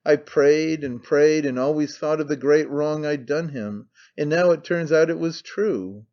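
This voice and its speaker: A man's voice: a little high, measured pace, a little mellow, highs cut off. A male audiobook reader voicing a troubled, half-mad woman who speaks anxiously and turns scornful. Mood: brooding. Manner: anxious, brooding, turning scornful.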